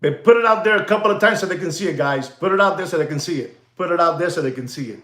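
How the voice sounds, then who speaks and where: A man's voice: fairly high pitch, very fast, a bit bright, echoey room. A man, rambling in casual livestream chat with viewers, repeating himself and laughing often. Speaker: watch dealer hosting a livestream.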